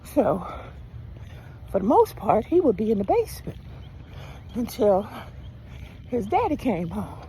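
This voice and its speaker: An older woman tells a story while walking outside, her voice gravelly and swinging widely in pitch. She talks slowly and chattily, with wind and outdoor noise clearly behind her. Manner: animated, chatty, Southern-style storytelling. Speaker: vlogger. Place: outdoors on a walk, rural road.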